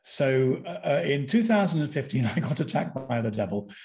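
An older British man, appearing as a podcast guest, tells a personal story with animated intensity, restarting often. His voice is mid-range at a normal speed, with slight background noise.

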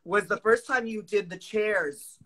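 A man's voice: sits high, a little slow, sharp tone. A man hosting a casual video call chat, playful and theatrical, teasing his guest. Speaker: host.

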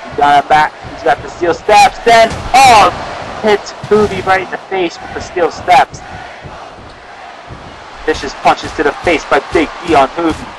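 An excitable young man with a high voice calls a wrestling match play by play, often breaking into shouted exclamations. The amateur recording is noisy, with a crowd clearly audible behind him. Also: unhurried. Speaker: wrestling commentator.

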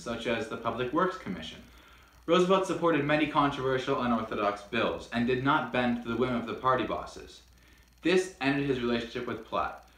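A man's voice: medium pitch, a bit bright. A man presenting a scripted history lesson in a playful way, with jokey mock-dramatic outbursts. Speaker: history video host. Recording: roomy echo.

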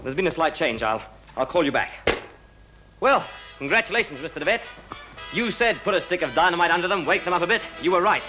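A man plays a publicity man who rattles out his words at speed in a raised voice. He wheedles and flatters, and his nerve gives way quickly. A music score sits under the old film soundtrack. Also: on the high side, close to an everyday voice, rough recording. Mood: breezy. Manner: rapid, wheedling, panicky when threatened. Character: fast-talking publicity man, cowardly.

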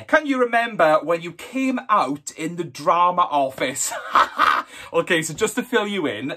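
A man's voice: sits high, a bit bright. A flamboyant Welsh man in his twenties chats through a Q&A vlog. His voice leaps all over the place with camp, sassy energy, and he swears freely. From Wales. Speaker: YouTuber. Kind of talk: casual Q&A vlog.

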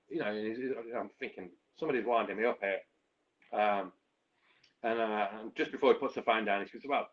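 A man's voice: mid-range voice, lo-fi sound. A man, a musician guest, telling a long story casually with many restarts and fillers.

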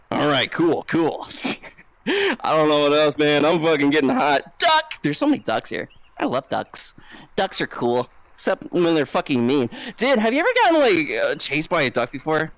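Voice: medium pitch, big pitch swings, moderate pace, fairly bright tone, dry recording, low-quality recording. A streamer chatting casually and hyperactively on a live VR stream, swearing freely. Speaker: VTuber streamer. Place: home setup, playing VR. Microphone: VR headset setup.

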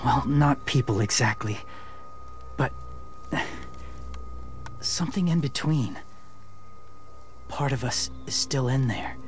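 An actor playing a calm, quiet man who lived among walkers, speaking softly and almost in a whisper. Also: medium pitch, slow, long pauses, slight background noise, close to an everyday voice.

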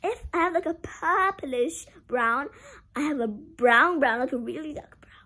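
A woman's voice: sits high, measured pace, pushed and bright, low-quality recording. A young girl doing a casual clothing-haul vlog, chatty and full of "like", making a drama of her disappointment. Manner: chatty, heavy use of "like", dramatic about being sad. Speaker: vlogger.

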